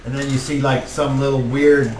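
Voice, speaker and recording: A man's voice: mid-range voice, level tone, normal speed, darkish tone. A man narrating a tabletop game as game master, casual and rambling with lots of filler words. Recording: roomy, distant mic, faint noise.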